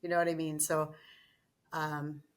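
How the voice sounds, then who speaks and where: A woman's voice: low-pitched, little pitch movement, a little slow. A woman guest on a podcast, chatty in casual conversation, laughing often and losing her train of thought. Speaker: guest, gym general manager.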